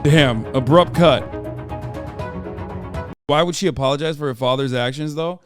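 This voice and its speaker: A man's voice: a little high, normal speed, music in the background. A man in his thirties giving casual, profane live-stream commentary on the news and reacting to his chat. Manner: brash, profane, riffing on chat.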